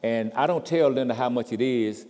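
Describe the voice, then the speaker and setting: A man preaching a sermon, swinging from quiet storytelling to loud, impassioned crescendos. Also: mid-range voice, moderate pace. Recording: reverberant hall.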